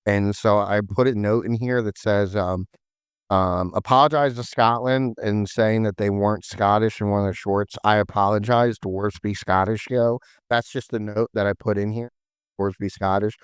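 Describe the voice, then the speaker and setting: A man with a lowish, smooth voice, chatting casually as a podcast host. He rambles loosely, stacking up "like" and "um" as he goes. The sound is close and dry. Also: steady tone, normal speed, no echo. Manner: rambling, full of "like" and "um". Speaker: podcast host explaining game lore. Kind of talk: casual chat.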